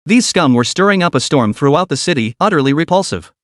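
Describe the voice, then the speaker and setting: A man narrating a fantasy story in steady scripted narration. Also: fast talker, dry recording, clean studio sound. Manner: steady storytelling with animated pitch.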